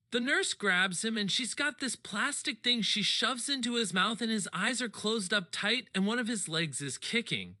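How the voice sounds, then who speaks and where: Animated bright male storyteller. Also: high-pitched. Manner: animated, expressive. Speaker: audiobook reader. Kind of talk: first-person story narration.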